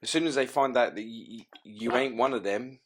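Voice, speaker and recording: A man's voice: mid-range voice, moderate pace. A man hosting a podcast, briefly chiming in to finish his guest's points in a casual chat. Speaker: podcast host.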